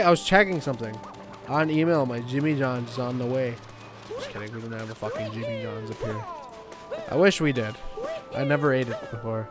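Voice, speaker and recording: A young man commenting on a game as he plays, swearing often and joking excitedly. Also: medium pitch, a little fast, faint music behind. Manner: profane, excitable, jokey. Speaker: gaming YouTuber. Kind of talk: let's play commentary.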